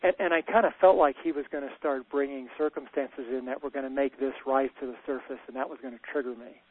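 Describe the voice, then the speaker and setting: A man's voice: medium pitch, fairly even intonation, quick pace, breathy edge, no room sound. A man telling a candid personal story in conversation, earnest, often stammering and restarting. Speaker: men's retreat leader sharing a story. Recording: tinny phone-like dry sound.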